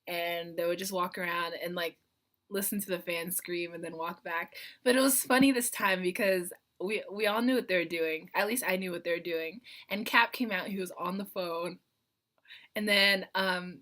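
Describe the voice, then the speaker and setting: A young woman chatting to her camera in a casual vlog, bright and lively in tone. She tells her story excitably, breaking into giggles and filling pauses with "um" and "like.". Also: mid-range voice. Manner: excitable, giggly, lots of fillers. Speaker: vlogger.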